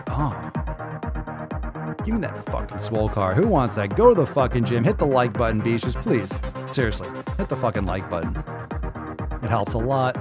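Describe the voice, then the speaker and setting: A man hosting a casual live podcast, loud, joking and full of profanity. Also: mid-range voice, animated, a little fast, over music. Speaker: podcast host.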